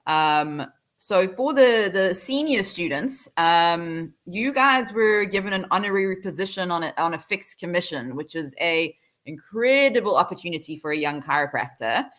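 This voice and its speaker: A woman's voice: on the low side, expressive, normal speed, fairly bright tone. A middle-aged South African woman hosting a live online panel over a video call, chatty, with many fillers. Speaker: host.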